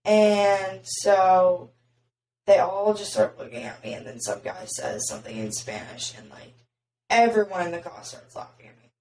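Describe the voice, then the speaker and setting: A young woman with a raspy voice, chatting casually as a podcast host and filling her talk with "like". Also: medium pitch, moderate pace, a little mellow. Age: young adult. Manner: chatty, heavy filler "like". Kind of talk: casual chat. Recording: roomy, distant mic.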